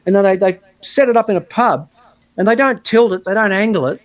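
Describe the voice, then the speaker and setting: A man talking as a guitarist guest in a casual podcast chat, an animated storyteller who mimics other players. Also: sits high, brisk.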